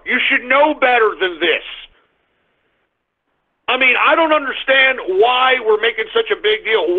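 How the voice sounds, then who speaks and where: A male talk radio host with a high voice, crude and loud as he rants at his listeners. The sound is thin and tinny, like it is coming over a phone. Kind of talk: ranting political talk radio.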